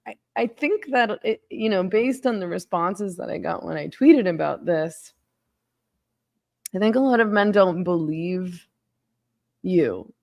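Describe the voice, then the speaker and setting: A woman's voice: fairly low pitch, measured pace, vocal fry, no echo, studio quality. A woman in her forties hosting an interview, telling a story casually with lots of fillers and laughs. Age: 40s. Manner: chatty, many fillers, animated laughs. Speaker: podcast host.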